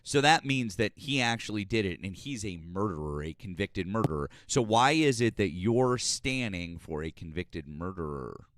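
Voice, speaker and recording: A low-pitched man hosts a call-in politics stream, needling callers and cutting them off to argue. His voice sits close and dry, with no room around it. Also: expressive, normal speed, hardly any pauses, a bit bright, no echo. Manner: combative, mocking, interrupts callers. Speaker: host.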